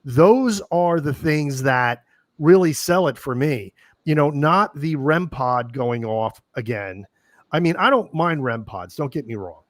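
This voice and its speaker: Eager host with a dry, close sound. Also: male voice, fairly high pitch, lively intonation, no room sound. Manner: eager, talks in quick bursts with restarts. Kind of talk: casual interview chat.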